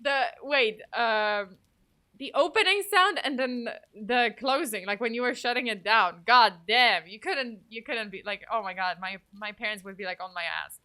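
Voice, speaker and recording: A woman in her thirties from Poland chats on her livestream in a loose, rambling way. She swears freely and laughs often. Her voice is bright and sits a little high. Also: moderate pace. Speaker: streamer. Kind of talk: casual livestream chat.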